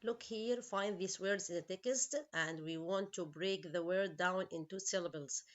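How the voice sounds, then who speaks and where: Woman teacher patiently explaining English. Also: on the low side. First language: Arabic. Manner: slow, explains each word and asks questions; non-native English with grammar slips. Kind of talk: online English lesson. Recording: slightly dull lo-fi recording.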